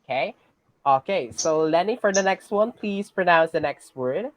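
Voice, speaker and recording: A teacher with a Filipino accent giving a class lesson, patiently checking in with students and pausing on fillers. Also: mid-range voice, lively intonation, noisy background. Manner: patient, checks in with "okay?" often; hesitant, many fillers and restarts.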